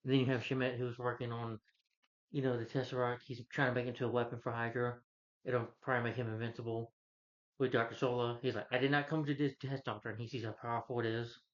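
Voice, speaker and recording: A man's voice: mid-range voice, little pitch movement, quick pace, highs cut off. A man giving a casual, rambling plot recap as a movie reviewer, earnest when praising the hero. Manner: rambling, loose retelling with restarts; earnest, heartfelt asides.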